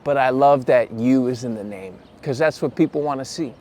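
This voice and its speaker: A man's voice: mid-range voice, moderate pace, mellow. Chatty young man with faint background noise. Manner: chatty, rambling, self-correcting; puts on voices when quoting people. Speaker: vlogger. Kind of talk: casual storytelling to camera.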